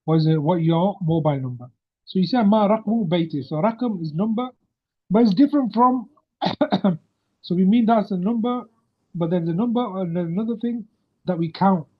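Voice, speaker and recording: Higher-voiced man teaching Arabic grammar online. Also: fairly quick. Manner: patient, quizzing the student often. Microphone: video call. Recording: muffled video-call audio.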